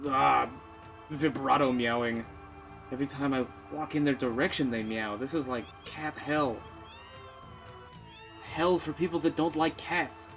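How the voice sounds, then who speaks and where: A man's voice: medium pitch, measured pace, vocal fry, pauses often, fairly bright tone. A man giving casual, sarcastic commentary while playing a video game, often mocking himself. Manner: sarcastic, self-mocking asides. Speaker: let's player. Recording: faint game music behind.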